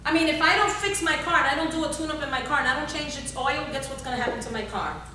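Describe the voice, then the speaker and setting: Female motivational speaker, bright and forceful, heard far off in a reverberant hall with faint room noise. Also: sits high, quick pace. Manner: exhorting, repetitive, asks the audience questions. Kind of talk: motivational seminar talk. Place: large echoey workshop hall.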